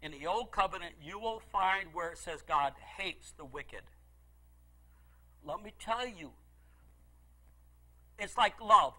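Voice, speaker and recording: A middle-aged male pastor delivering a sermon in a very high, sharp, bright voice. He tells his story with great passion, pleading loudly at some moments and dropping to a near hush at others. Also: expressive, slow pace, long pauses, poor audio. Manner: impassioned storytelling preacher, swings from loud pleading to hushed.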